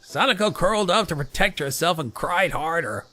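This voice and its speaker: A man's voice: on the high side, lively intonation, moderate pace, sharp tone, faint music behind. A man reading a visual novel aloud as a let's play host, swearing and reacting as he goes. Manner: casual, profane, reacts mid-read. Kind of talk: reading a game aloud with commentary.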